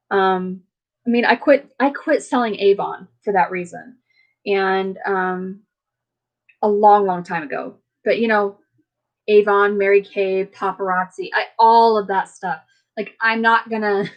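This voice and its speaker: Over dull-sounding audio, a live stream host with a medium-pitched voice chats casually with her viewers. Her talk is rambling and packed with fillers, but warm and friendly toward the audience.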